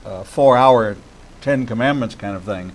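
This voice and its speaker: A man from Pittsburgh hosting an interview, asking questions in a measured, deliberate way. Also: medium pitch, rough recording. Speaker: interview host.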